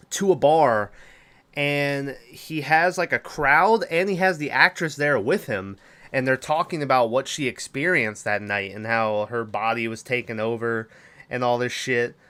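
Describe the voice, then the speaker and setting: A man's voice: medium pitch, pushed and bright, clear, resonant tone. A man hosting a podcast, recapping a film's plot in a loose, rambling way with lots of swearing. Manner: loose, profane, rambling storytelling with fillers. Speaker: podcast host. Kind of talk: casual movie review recap.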